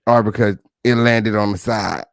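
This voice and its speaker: A man's voice: lowish voice, fairly even intonation, moderate pace, vocal fry, clean tone, no echo, studio quality. A man hosting a gossip show, reacting to a clip with profane, mocking commentary. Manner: profane, mocking, loud laughs.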